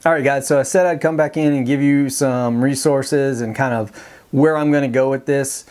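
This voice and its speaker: A man's voice: mid-range voice, steady tone, moderate pace, a little mellow. A man with a Texan accent vlogging casually to camera about fishing, plainspoken and rambling with many ums and restarts. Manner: plainspoken, determined. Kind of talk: casual vlog talk to camera.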